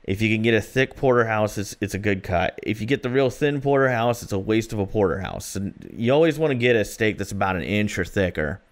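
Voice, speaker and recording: A man's voice: lowish voice, expressive, fairly quick, few pauses. A man co-hosting a podcast, chatting casually and telling rambling stories with plenty of fillers. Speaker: podcast co-host.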